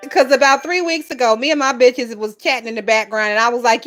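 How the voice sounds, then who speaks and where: A woman's voice: fairly high pitch, animated, a little fast, hardly any pauses. A woman hosting a casual gossip livestream, reading viewer comments and laughing often. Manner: laughs often, loud and amused.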